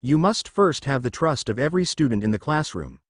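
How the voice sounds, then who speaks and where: A man's voice: medium pitch, lively intonation, a little fast, no room sound, studio quality, close to an everyday voice. A man voicing a formal, eager teenage boy in a story reading. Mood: formal earnest. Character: earnest, formal teenage boy class leader.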